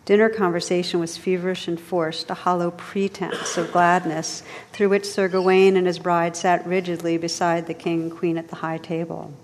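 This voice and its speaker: A woman meditation teacher reads a story aloud in a soft, measured way. Her voice sits a little low. A long reverb from the hall trails after each line.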